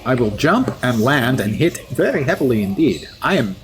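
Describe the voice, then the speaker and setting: A man's voice: mid-range voice, big pitch swings, moderate pace, a crowd in the background, lightly acted. A man voicing a huge, boastful steel-skinned male hero in a mock Russian accent, with solemn, formal phrasing. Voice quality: formal, article-dropping, grandly pompous phrasing. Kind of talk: in-character game commentary.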